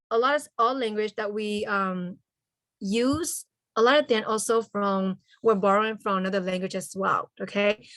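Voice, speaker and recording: A woman teaching a language class over a video call. She spells out letters and sounds slowly and keeps checking in with "okay?" after nearly every point. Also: fairly high pitch, a bit bright, no echo. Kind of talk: online language lesson.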